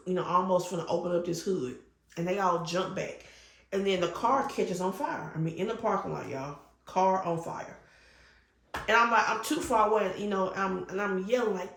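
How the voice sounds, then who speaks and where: A middle-aged woman hosting her crafting channel, rambling chattily with fillers and telling stories eagerly. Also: medium pitch. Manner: gets loud and excited when retelling a scare. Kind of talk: casual chat while crafting. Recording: echoey room with faint noise.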